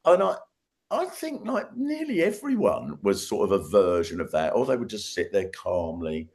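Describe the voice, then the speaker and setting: Deep, animated man. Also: moderate pace. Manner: animated storyteller, laughing, trailing restarts. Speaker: guest. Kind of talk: casual chat.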